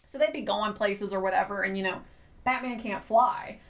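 Relaxed chuckling woman co-host, distant mic. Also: mid-range voice, normal speed. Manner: relaxed, chuckling, filler-heavy chat. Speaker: podcast co-host. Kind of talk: casual chat.

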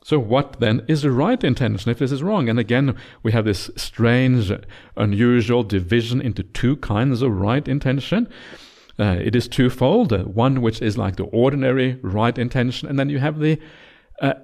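A man, a Buddhist monk, giving a dharma talk at a meditation retreat, explaining slowly with frequent "uh"s and checking "yeah?". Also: mid-range voice, animated, darkish tone.

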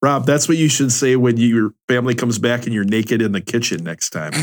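A man's voice: mid-range voice, a little fast. Playful man ribbing his co-hosts. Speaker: podcast co-host. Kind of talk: casual banter.

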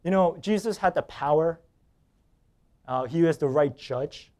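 A man preaching a sermon as pastor, telling a personal story with quoted dialogue and laughter, swinging between loud bursts and hushed lines. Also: on the high side, measured pace.

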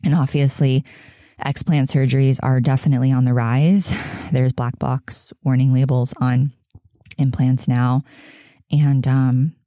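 A woman in her thirties hosting a solo podcast, sharing personal truths in a halting, emotional way and near tears. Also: a bass voice, little pitch movement, dark tone, no echo, studio quality. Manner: halting, emotional, frequent fillers and laughs. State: tearful. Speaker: podcast host. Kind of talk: candid solo podcast confession.

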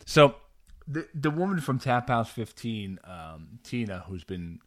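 A man's voice: mid-range voice, sing-song, unhurried, a bit bright, no echo, clean studio sound. A man hosting a podcast, rambling through a story with frequent laughs and fillers. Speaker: podcast host. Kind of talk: casual chat.

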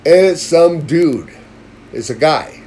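Casual male storyteller, profane, quick to rise to heated shouting; faint room hiss. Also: on the high side, animated. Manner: profane, gets loud and heated retelling confrontations. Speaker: podcast co-host telling a story. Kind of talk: casual chat.

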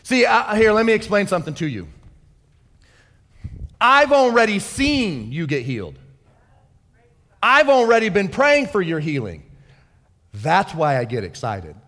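A male pastor preaching a fervent, excitable sermon in a church hall. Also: high voice, measured pace, long pauses.

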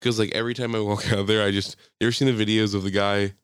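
The man's voice is fairly low and smooth, and he speaks fast, captured in studio quality indoors with no room sound. He's co-hosting a casual podcast, spinning animated stories laced with swearing and acted-out quotes.

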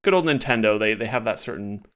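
A man's voice: on the low side, lively intonation, fast talker, fairly bright tone. A man co-hosting a casual podcast chat, talking loosely and animatedly with many fillers and restarts. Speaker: podcast co-host.

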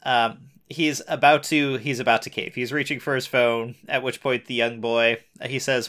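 A young man telling a story in a relaxed way, dropping frequent uhs and wry teasing asides. His pitch sits in an ordinary middle range for a man. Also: normal speed, few pauses. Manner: lots of uh fillers, wry teasing. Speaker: podcast co-host. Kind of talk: casual recap chat.

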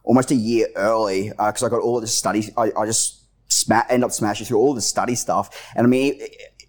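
Man, lowish voice, rambling casual story, swears a lot, podcast studio. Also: steady tone, a little fast, poor audio. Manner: rambling, swears often, acts out quotes. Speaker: podcast co-host.

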